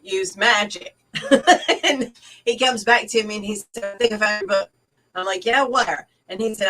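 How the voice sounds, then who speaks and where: A middle-aged woman co-hosting a casual online discussion, telling stories in a chatty, animated way. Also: on the low side. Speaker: co-host. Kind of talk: casual discussion on a video call. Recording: distant from the mic.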